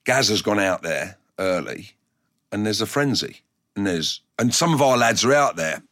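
A man, a former footballer, telling blunt, animated stories from his playing days and putting on voices when he quotes people. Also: on the low side, moderate pace. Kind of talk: anecdotal storytelling in a documentary interview.

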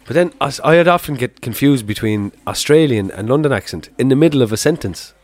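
A man's voice: mid-range voice, expressive, a little fast, no room sound. A man co-hosting a comedy podcast, teasing the others and explaining his ideas step by step. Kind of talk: casual chat.

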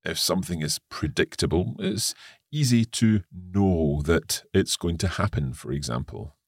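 Scottish man, language teacher, very low, lively intonation, husky, dry close sound. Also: a little slow, no echo. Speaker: co-host and English teacher. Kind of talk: language-lesson podcast.

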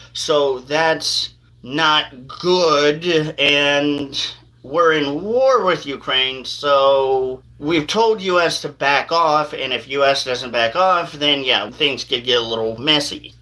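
A man's voice: medium pitch, bright, forceful tone, low-quality recording. A man hosting a podcast in casual news commentary, rambling and hedging every claim with "allegedly". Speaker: podcast host.

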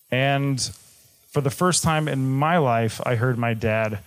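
On stage, a young man from Michigan tells a personal story, candid and swearing freely as he moves from jokes to grave moments. His mid-range voice is smooth and a little slow.

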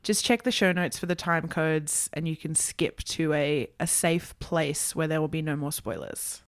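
A woman's voice: low voice, moderate pace. A woman co-hosting a podcast, chatting casually with lots of fillers and casual swearing. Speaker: podcast co-host. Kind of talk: casual chat.

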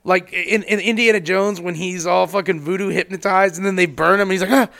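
Giggly high-voiced man, gravelly edge. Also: fairly even intonation, a little fast, sharp tone, no room sound. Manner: giggly, swoops into squeaky character voices. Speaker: podcast co-host. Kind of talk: crude comedic podcast banter.

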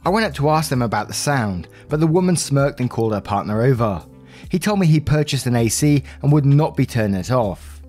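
A man talks through online stories in a casual, friendly reading voice. He sounds like a channel host chatting to regular viewers. Soft music plays faintly behind him. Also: medium pitch, expressive, a little fast.

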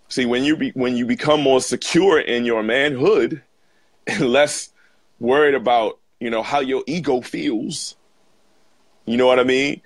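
A man's voice: mid-range voice, no room sound. A man hosting a conversation, speaking hesitantly with many fillers. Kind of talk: casual chat.

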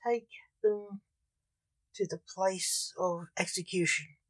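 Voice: mid-range voice, fairly even intonation, takes it slowly, no room sound, poor audio. A reader voicing a cold, curt witch finder. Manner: curt commands. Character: stern male witch finder, cold hunter.

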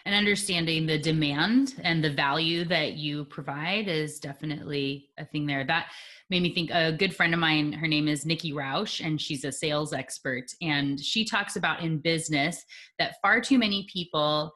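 This woman, interviewed in a conversational setting, has a low-pitched voice and talks at normal speed. She brings her ideas to life with acted-out examples and plenty of laughter.

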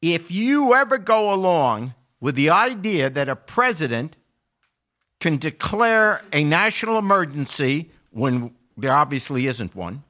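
Animated, bright-voiced older man ranting. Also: on the high side, a little slow. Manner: impassioned, rising to indignant emphasis. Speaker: podcast regular. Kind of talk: political commentary.

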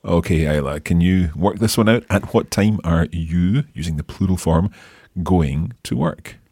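A man hosting a podcast language lesson, modelling phrases slowly and patiently for a learner. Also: low-pitched, a little mellow, breathy edge, no echo, studio quality. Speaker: language teacher and host.

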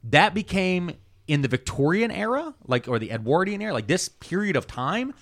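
A man co-hosting a podcast, walking the others through his notes in a casual, animated way with many "uh"s and "like"s. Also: sits high, normal speed. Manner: animated storytelling with many fillers. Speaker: podcast co-host presenting the topic.

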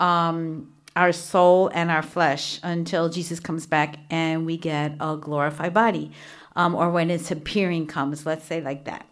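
A woman hosting a solo devotional podcast from a small home studio, talking earnestly and chattily with many fillers. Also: on the low side. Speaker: podcast host. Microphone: studio microphone with earphones.

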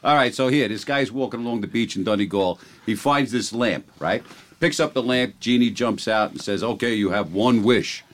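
A man's voice: mid-range voice, moderate pace. A man guest telling a joke in casual chat, swearing freely.

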